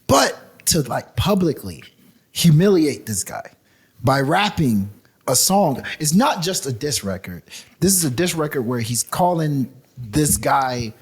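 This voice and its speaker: A man's voice: on the high side, slightly rough. A man co-hosting a casual podcast chat, talking emphatically and passionately, often repeating words when he gets worked up. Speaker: podcast co-host.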